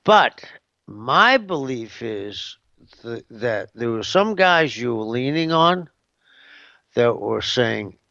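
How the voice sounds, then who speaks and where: A man's voice: medium pitch, sing-song, slow, vocal fry, sharp tone, dry recording, muffled recording. A man giving a casual interview as a guest, rambling and hesitant, with lots of "you know what I mean.".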